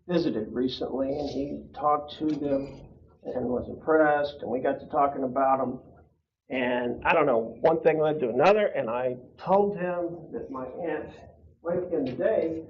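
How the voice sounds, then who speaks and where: A man in his fifties teaching a church class, telling a personal story in a casual, chatty way and asking the class questions. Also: medium pitch. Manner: conversational, laughs often, asks the class questions. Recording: dull lo-fi room recording.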